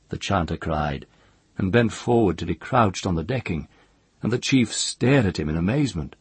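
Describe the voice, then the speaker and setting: Deep, raspy-voiced male audiobook narrator. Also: dry recording. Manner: measured, calm storytelling.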